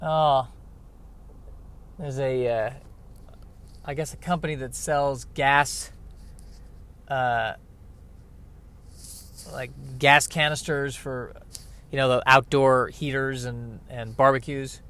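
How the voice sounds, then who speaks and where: A man's voice: medium pitch, steady tone, takes it slowly, pauses often, fairly bright tone, clear, resonant tone. A man giving a rambling, self-deprecating comic monologue outdoors near a street. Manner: self-deprecating, riffs with rising exasperation. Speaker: vlogger.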